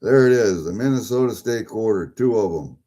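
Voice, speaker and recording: Expressive and a little fast, a man with a mellow, lowish voice gives casual commentary while unboxing packages. He talks to himself the whole time, muttering and rambling.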